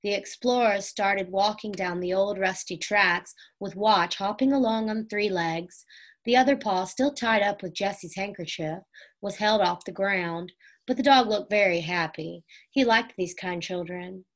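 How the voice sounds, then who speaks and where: A woman reading a children's chapter book aloud, calm, clear and measured. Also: mid-range voice. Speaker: reader. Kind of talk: storybook read-aloud narration.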